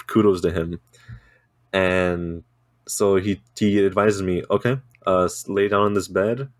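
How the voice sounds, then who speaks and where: A man's voice: sits low, steady tone, a little slow, no echo. A man co-hosting a podcast, telling a rambling story in casual chat, swearing freely and laughing often. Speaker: podcast co-host.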